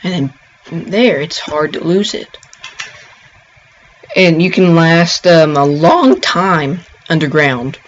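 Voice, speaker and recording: Guy talking thru a game tutorial, kinda high voice, lots of ums and restarts, muffled lo-fi sound. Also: lively intonation, slight background noise. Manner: rambling, halting, with frequent ums and restarts. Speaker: gameplay tutorial maker. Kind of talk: casual gameplay tutorial narration. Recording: dull lo-fi home recording.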